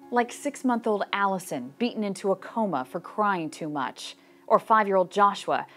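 A woman narrating an awareness message, delivering grave statistics and cases in an earnest manner. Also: on the low side. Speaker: advocate.

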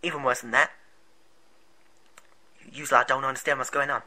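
A man's voice: medium pitch, steady tone, moderate pace, bright, forceful tone, low-quality recording. A man voicing an earnest male rebel group leader who explains things at rambling length, in an amateur movie.

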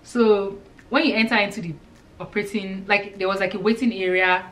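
A woman in her thirties from Nigeria with a Nigerian accent, telling a lively storytime vlog and acting out the dialogue. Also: medium pitch, a little fast, far from the mic. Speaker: vlogger.

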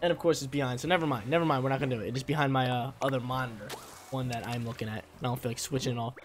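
A young man giving casual gameplay commentary as a channel host, slangy and excitable, breaking into loud yelps. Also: mid-range voice, rapid-fire, slight background noise. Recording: faint music under voice.

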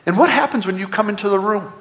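A man's voice: sits high, fast talker, a bit bright. A middle-aged man preaching a sermon, earnest and conversational, full of repeated rhetorical questions. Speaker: pastor. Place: church sanctuary.

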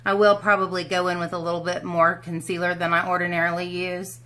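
A woman's voice: fairly low pitch, flat delivery, a little fast, pushed and bright. A woman chatting through a makeup tutorial in her room at home, in a bubbly, rambling way. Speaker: beauty vlogger. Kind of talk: casual makeup tutorial chat.

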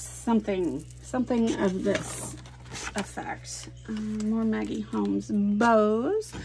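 Chatty crafting vlogger, a woman with a slightly high voice, animated and giggly, a faint hum of room ambience. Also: very slow. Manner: chatty and animated, thinking aloud, laughs often. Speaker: scrapbooking vlogger. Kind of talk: casual chat while crafting.

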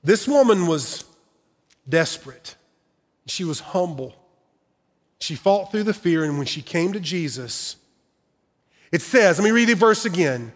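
A man's voice: high-pitched, expressive, measured pace, long pauses, big-room sound. A middle-aged man preaching a sermon in church, telling personal stories in an earnest, heartfelt way. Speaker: pastor. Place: church sanctuary.

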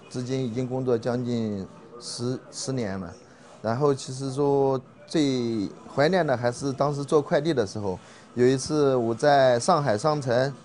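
A man who manages a delivery team, recalling past work in a measured interview voice that drops at phrase ends. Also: a little high, a little mellow. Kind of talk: interview recollection.

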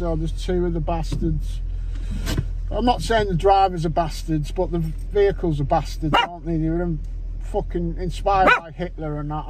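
A Scouse man chatting to camera from behind the wheel, with a fairly high voice for a man. He rambles and swears freely, and clear road and engine noise runs under his voice. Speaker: vlogger. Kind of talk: casual chat to camera. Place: in a car, driving. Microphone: camera mounted on car window.

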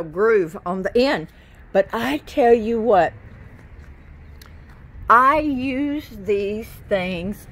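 A woman chatting to viewers while she gardens outdoors, scattered and friendly, talking to her plants. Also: on the high side. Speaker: gardening vlogger. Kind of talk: casual chat to camera while gardening.

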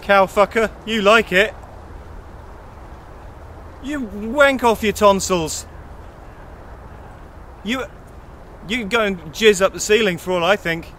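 A man's voice: high-pitched, slow pace, pauses often, slight background noise, exaggerated voice. A man playing a drunk, dishevelled businessman in a park, hurling slurred, belligerent insults. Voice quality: slurred, belligerent, shouting bursts.

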